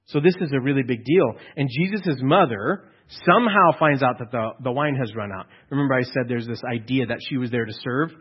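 A man preaching a conversational sermon to a congregation. He acts out the people in the story, sometimes dropping to a hushed aside. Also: mid-range voice, fairly quick, hardly any pauses, breathy edge, dull audio. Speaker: pastor.

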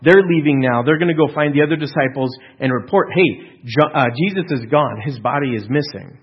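Earnest preaching man, husky voice. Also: fairly high pitch, a little fast, highs cut off. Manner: earnest, emphatic with frequent restarts and rhetorical questions. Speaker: pastor. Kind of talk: sermon.

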